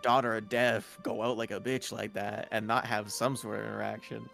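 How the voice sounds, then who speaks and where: A man's voice: on the low side, little pitch movement, moderate pace, gravelly, fairly bright tone, soft background music. A man running a tabletop game, chatting casually afterward, laughing often and swearing freely. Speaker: game master.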